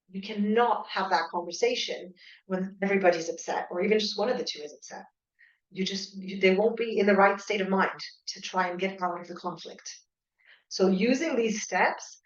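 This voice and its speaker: A woman coach giving a calm, explanatory conference talk to an audience in a school hall. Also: medium pitch. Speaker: divorce and separation coach. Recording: echoey hall, slightly dull sound.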